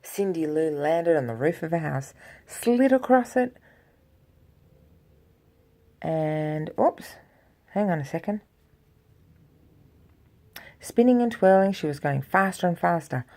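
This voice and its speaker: Woman reading a storybook aloud, gravelly. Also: fairly low pitch, takes it slowly, pauses often. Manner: lively, expressive reading with sound effects.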